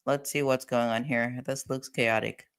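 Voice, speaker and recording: A woman's voice: very deep voice, fairly even intonation, normal speed, clean tone. A woman chatting casually with viewers on a livestream, laughing often, her voice tired. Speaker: livestream host.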